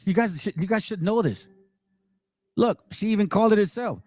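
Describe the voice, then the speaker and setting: An angry man holds forth in a high voice that leaps all over the place. He talks in a profane, mocking way and keeps repeating himself. The sound is dry and close, with no room echo. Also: animated, normal speed, darkish tone. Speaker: religious commentary channel host. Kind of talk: heated monologue commentary.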